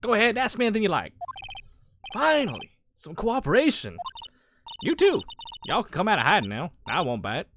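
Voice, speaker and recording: Brash young Southern woman, thick folksy drawl, animated,. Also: medium pitch, brisk, pauses often, noisy background, pitched above the performer's own voice. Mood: chatty. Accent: put-on Southern US.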